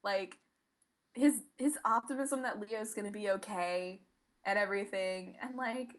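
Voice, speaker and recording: A young woman co-hosting a fan podcast, gushing excitedly in casual chat, filling her talk with "like". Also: medium pitch, a little slow. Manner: gushing, excitable, many "like" fillers. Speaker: podcast co-host.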